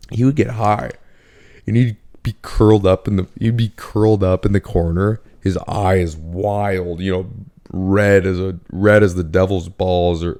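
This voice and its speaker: A man's voice: low voice, mellow. A man hosting a casual solo podcast, talking in a rambling, laid-back way and peppering his speech with "like" and "dude". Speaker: podcast host.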